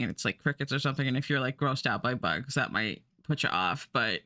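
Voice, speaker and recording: Bright, chatty streamer woman. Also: very deep voice, animated, brisk, dry recording, studio quality. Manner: rambling, many fillers and restarts. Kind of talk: casual livestream chat.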